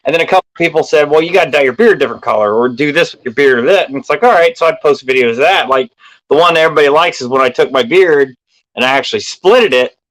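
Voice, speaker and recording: A man with a slightly higher voice joins a live stream panel as a guest. He chats casually, laughs often and pokes fun at himself. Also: fast talker, fairly bright tone, poor audio. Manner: self-deprecating, chuckles often. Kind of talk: casual chat.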